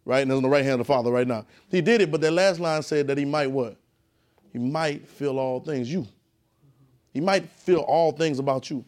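A man teaching a Bible class in a call-and-response sermon style, emphatic and repetitive, often dropping to a low, quiet voice. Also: normal speed.

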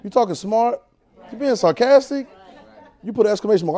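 Preacher guy w/ aave teaching bible class, kinda high voice, keeps asking y'all got it. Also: fast, gravelly, mellow, a faint crowd. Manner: call-and-response, repeats phrases, asks the room questions.

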